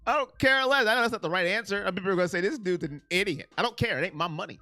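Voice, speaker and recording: Sports stream host, man, high bright voice, excitable, dry close mic with faint music bed. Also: rapid-fire, dry recording. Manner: excitable, reads chat names aloud, swings from loud to mumbling. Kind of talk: casual live-chat commentary.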